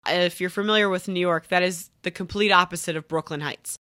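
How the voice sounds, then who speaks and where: A woman's voice: fairly low pitch, steady tone, fairly quick, bright, forceful tone, dry recording, studio quality. A woman from Pennsylvania telling a personal story as a guest on a comedy podcast, chatty and laughing, with lots of fillers. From Pennsylvania, USA.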